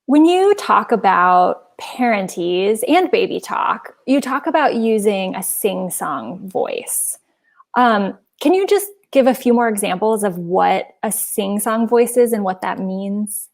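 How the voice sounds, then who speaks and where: A woman's voice: mid-range voice, animated, slow pace, vocal fry. A woman interviewer asking casual, conversational questions. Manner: conversational, uses "like" and "you know".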